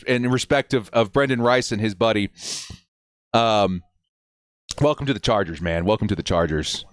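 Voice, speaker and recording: A young adult man hosting a live fan watch party stream, excitedly shouting reactions and reading chat messages aloud. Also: medium pitch, smooth, no echo, studio quality.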